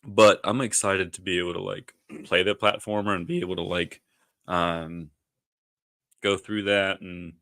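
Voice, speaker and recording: Co-host, male, deep and bright, loose rambling chat, dry room. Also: steady tone, unhurried, no echo. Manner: rambling, restarts, many likes. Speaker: podcast co-host. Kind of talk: casual chat. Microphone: live stream mic.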